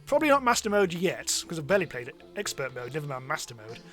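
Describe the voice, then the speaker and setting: A man giving chatty, self-mocking live commentary as he streams a game, now and then bursting into excited yelps. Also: fairly high pitch, fast, faint music behind. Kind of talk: live let's-play commentary.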